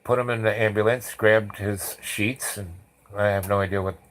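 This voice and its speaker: Man, forties, somewhat low voice, rambling anecdote, animated quoted lines. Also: moderate pace, low-quality recording. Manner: animated storyteller acting out quotes loudly. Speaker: storyteller.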